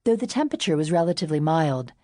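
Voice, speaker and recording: A woman reads a novel aloud in a calm, measured narration. Her voice is low and the sound is close and dry, with no room around it. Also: no echo. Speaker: audiobook narrator. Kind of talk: scripted narration.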